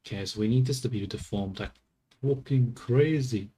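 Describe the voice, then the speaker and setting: Narrating his 3D work on stream, a man muses to himself in a relaxed way, tossing out casual swears and chuckling over his errors. He speaks at a normal speed in a mellow, medium-pitched voice with a breathy edge.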